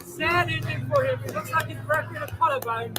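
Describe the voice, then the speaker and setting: Man, high voice, casual fan commentary over blaring crowd noise. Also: fairly quick. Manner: chatty, talks to viewers and chat. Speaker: fan streaming live commentary. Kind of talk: casual live sports commentary. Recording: loud match crowd and music behind. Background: stadium crowd and music from the broadcast.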